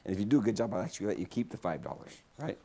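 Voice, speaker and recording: A gravelly, mellow, fairly low voice races along expressively as this man delivers a guest sermon in the church sanctuary. He jokes with the congregation, brings people up to take part, and keeps the tone playful.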